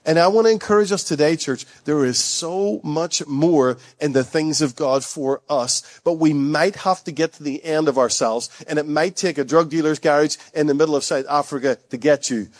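A man with a fairly high voice delivers a sermon to his congregation. He talks in a loose, conversational way, cracking jokes and correcting himself mid-sentence. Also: normal speed, few pauses. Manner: conversational, jokey, self-correcting. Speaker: preacher. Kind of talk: sermon with storytelling.

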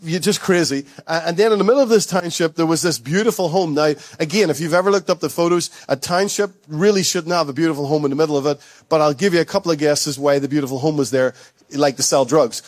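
A man preaching to his church, telling a story in a conversational, jokey way and correcting himself as he goes. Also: high voice. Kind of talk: sermon with storytelling.

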